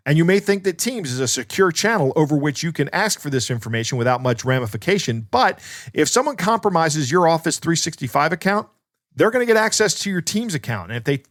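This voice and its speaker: A man's voice: a little high, big pitch swings, fast talker, fairly bright tone, no room sound, studio quality. A man co-hosting a podcast as a security expert, telling stories in casual chat with many restarts.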